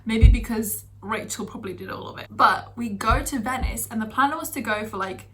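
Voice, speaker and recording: A woman's voice: on the high side, brisk, a little hiss or hum. A young woman from the UK telling stories from her year abroad in a chatty vlog style, full of fillers. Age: young adult. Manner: chatty, animated, lots of fillers. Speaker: vlogger. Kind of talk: casual storytelling.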